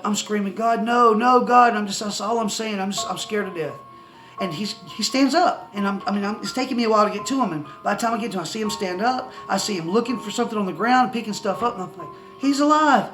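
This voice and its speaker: A man telling a personal testimony story to the camera, excitable and rambling with many restarts. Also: high voice, rough recording. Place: indoors, seated facing the camera.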